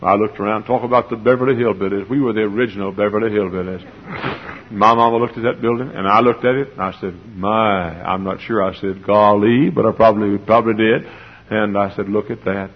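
A man preaching a sermon to a congregation, with an impassioned style that swells toward shouting, on a muffled old tape. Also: lowish voice, fairly even intonation, fairly quick, breathy edge. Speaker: pastor. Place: church sanctuary before a congregation.

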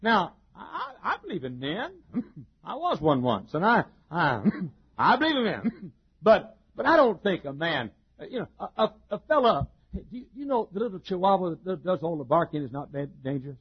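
A man's voice: high-pitched, very animated, moderate pace, breathy edge. Chuckling folksy male preacher. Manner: folksy and joking, with lots of chuckles and restarts; swings widely between loud and soft. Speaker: pastor. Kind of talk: sermon. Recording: dull lo-fi sermon recording.

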